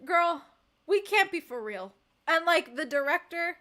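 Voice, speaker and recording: A woman streamer chatting casually on a livestream and reading from the chat, emphatic and expressive, laughing often. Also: very high voice, unhurried.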